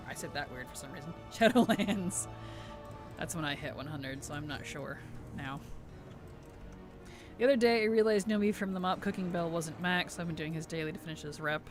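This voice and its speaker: A man chatting casually on a game live stream, answering viewer chat with easy laughs. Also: on the high side. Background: background music.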